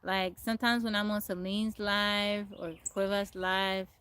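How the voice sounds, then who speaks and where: A woman's voice: mid-range voice, flat delivery, unhurried, fairly bright tone, clear, resonant tone. A young woman from Texas, chatting casually on a livestream from outdoors and laughing often. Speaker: livestream host. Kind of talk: casual chat. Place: outdoors in nature. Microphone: phone livestream.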